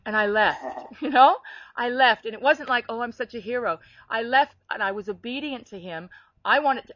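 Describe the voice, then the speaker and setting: Bright-voiced woman sharing a faith story. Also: mid-range voice, no room sound, highs cut off. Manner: animated storytelling with laughs. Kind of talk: faith testimony chat.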